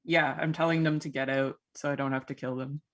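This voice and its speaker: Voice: mid-range voice, level tone, brisk, a bit bright. A player in a casual tabletop game, talking loosely and counting dice rolls aloud.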